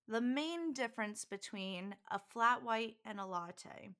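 A woman's voice: fairly high pitch, animated, slow, fairly bright tone. A woman co-hosting a podcast, chatting and explaining things with frequent laughs. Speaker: podcast co-host. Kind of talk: casual chat.

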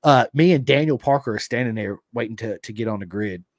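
An excitable man from Virginia with an American accent, telling animated stories in a casual interview. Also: mid-range voice, fairly quick, no echo, studio quality. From Roanoke, Virginia, USA.

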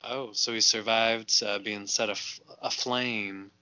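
A man's voice: fairly low pitch, fairly even intonation, slow pace, pushed and bright, no room sound, highs cut off. A man co-hosting a casual movie podcast, laughing often and reading out figures with fillers. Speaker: podcast co-host.

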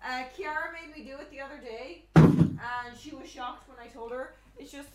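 High-voiced teasing woman streamer. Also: moderate pace. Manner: teasing, animated, loud outbursts. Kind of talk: casual group chat on stream. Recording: noisy background.

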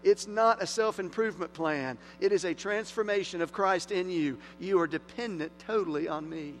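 Pastor preaching, fairly high-pitched guy, gets loud then goes quiet, low hum in the background. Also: normal speed. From moved to Tennessee from Las Vegas. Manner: earnest preaching, swings from loud emphasis to hushed. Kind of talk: sermon. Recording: faint mains hum.

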